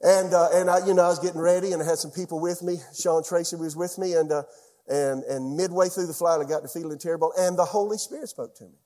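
A man's voice: a little high, steady tone, fast talker, dark tone. A middle-aged man preaching a sermon as pastor, telling a personal story and putting questions to his congregation.

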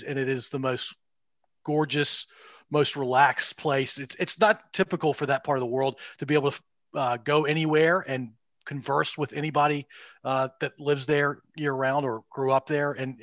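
A man's voice: medium pitch, fairly even intonation, normal speed, fairly bright tone, dry recording, lo-fi sound. A middle-aged man co-hosting a podcast, chatting casually and rambling with restarts and asides. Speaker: podcast co-host. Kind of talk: casual chat.

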